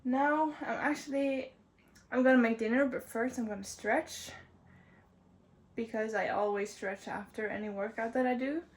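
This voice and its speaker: A woman in her twenties vlogging in a relaxed, chatty way, talking while she walks and moves around outside. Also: on the high side, normal speed, low-quality recording. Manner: chatty, relaxed, talks while walking and moving. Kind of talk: casual vlog narration. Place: outdoors in the sun. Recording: outdoor noise behind.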